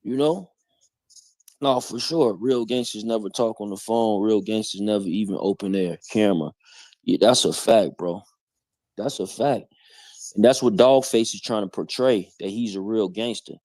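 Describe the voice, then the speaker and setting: A man's voice: lowish voice, moderate pace, darkish tone, no echo. A man hosting a live stream, bluntly challenging people in heavy street slang. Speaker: stream host. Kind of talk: heated live-stream commentary.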